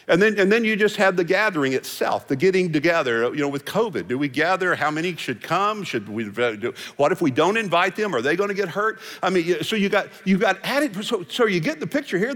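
A man giving a sermon as pastor, folksy and joking. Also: fairly high pitch. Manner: folksy, joking, animated delivery. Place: large hall with musicians. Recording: hall reverb from live service.

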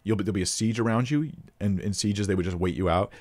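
Low-voiced man teaching scripture. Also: fast talker, darkish tone. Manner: thinks aloud, restarts, reads scripture passages with emphasis. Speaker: Bible teacher answering viewer questions. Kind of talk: casual teaching Q&A.

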